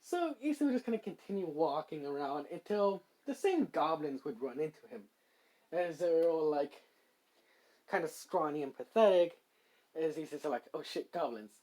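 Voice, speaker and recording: A man's voice: a little high, lively intonation, moderate pace, a little mellow. Man, storyteller, improvised fan story, rambling, lots of fillers. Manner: rambling, many fillers and hedges.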